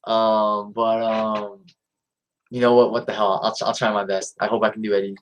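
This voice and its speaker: A man's voice: fairly low pitch, level tone, normal speed, poor audio. A man hosting a live stream in a casual, rambling way, with lots of fillers and restarts.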